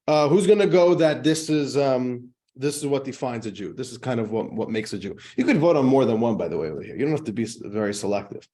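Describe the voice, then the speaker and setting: A man, a rabbi, giving a casual lecture to a class, chatty and joking, his pitch jumping up to stress points. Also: a little mellow. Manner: chatty, jokey, pitch jumps up for emphasis.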